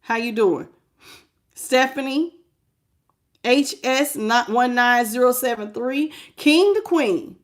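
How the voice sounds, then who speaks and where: Woman, tarot reader, slightly high voice, emphatic, preachy, live stream. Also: lively intonation, takes it slowly. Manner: emphatic and preachy, swings between low murmurs and loud outbursts. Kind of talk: live-streamed tarot reading, greeting viewers.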